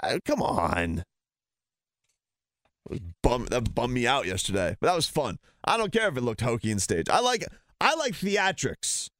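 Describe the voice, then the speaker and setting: Ranting man, lively swooping voice. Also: medium pitch, normal speed, pauses often, dry recording, studio quality. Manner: heated, sarcastic ranting. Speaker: sports talk host. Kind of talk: ranting sports commentary.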